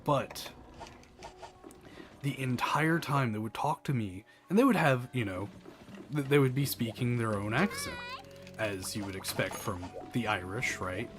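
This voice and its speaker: A man's voice: mid-range voice, animated, measured pace. A man giving jokey let's play commentary, sliding into mock-grand announcements as he plays. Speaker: gaming channel host. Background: game music.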